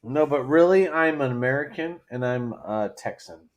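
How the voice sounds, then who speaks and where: A man's voice: mid-range voice, lively intonation, moderate pace. A man from England joking around with friends on a podcast, profane and insistent as he makes his case. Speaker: podcast co-host. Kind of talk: casual podcast banter.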